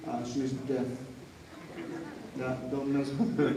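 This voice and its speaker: A man's voice: medium pitch, completely flat delivery, very slow, pauses often. Joking male show presenter, echoey and distant. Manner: joking, teasing the crowd, calls for audience response. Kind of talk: live comedic demonstration to an audience. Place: outdoor show area with a crowd. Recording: echoey, distant, crowd noise.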